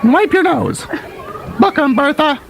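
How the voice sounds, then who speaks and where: In a student radio comedy sketch, a female library police sergeant with a very high, piping voice. She is officious and deadpan, handing out orders and fines. Faint background noise sits under the voice. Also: unhurried, vocal fry, some chatter behind, exaggerated voice. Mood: stern.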